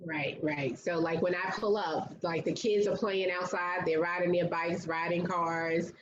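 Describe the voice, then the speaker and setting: Speaking a little slowly in a lowish, steady voice, this woman is an interview guest sharing a personal story. She sounds earnest and conversational and uses "like" constantly. The audio is roomy and noisy, and its high frequencies are missing.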